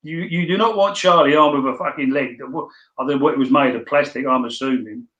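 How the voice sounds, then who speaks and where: Male podcast guest, blunt anecdotal storyteller with frequent swearing, middle pitch, echoey room sound. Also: fast, a bit bright, highs cut off. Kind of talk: casual storytelling. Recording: roomy echo.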